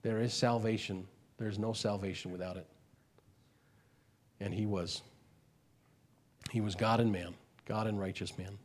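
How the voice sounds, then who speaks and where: A man preaching a sermon, swinging between quiet and loud and slowing on key words, repeating phrases for emphasis. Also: fairly low pitch, steady tone. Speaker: pastor.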